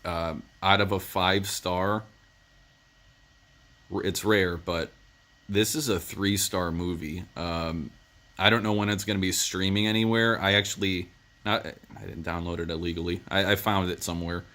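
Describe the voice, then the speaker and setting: Deep-voiced man rambling through a movie review. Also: fairly even intonation, moderate pace, sharp tone. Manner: rambling plot retelling with many fillers.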